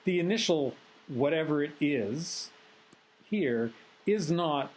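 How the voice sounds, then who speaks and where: A man giving a recorded phonetics lecture in a measured, analytical way, pausing often on filler sounds. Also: on the high side, lively intonation, slight background noise, poor audio.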